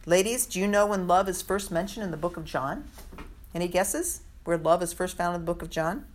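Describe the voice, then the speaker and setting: A woman's voice: on the low side, brisk, background noise. A woman teaching a women's Bible study, earnest and reflective, acting out the scripture quotes as she goes.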